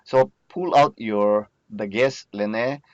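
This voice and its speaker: Slow low-voiced man teaching a lesson. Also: no room sound, muffled recording. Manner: slow, repeats each word to drill pronunciation. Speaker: Biblical Hebrew teacher. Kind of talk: recorded lecture over slides.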